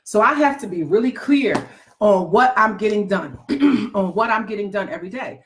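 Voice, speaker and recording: A woman's voice: mid-range voice, lively intonation, moderate pace, a little hiss or hum. Woman writing coach hyping up her audience, folksy, repeats herself for punch, teases folks. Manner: emphatic and repetitive, teasing the audience; folksy, calls listeners "baby". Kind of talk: motivational talk to a live audience.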